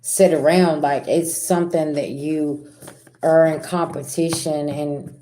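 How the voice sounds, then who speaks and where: Middle-aged woman, rambling vlog chat to the camera, kinda low voice. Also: a little slow, a little hiss or hum. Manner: animated, rambling, talks straight to viewers with asides. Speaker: spiritual reader. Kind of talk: casual direct-to-camera talk.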